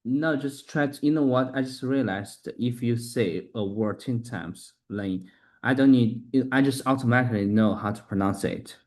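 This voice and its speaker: A man learning English, talking haltingly, restarting sentences and spelling words letter by letter. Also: mid-range voice, darkish tone. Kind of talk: casual practice conversation.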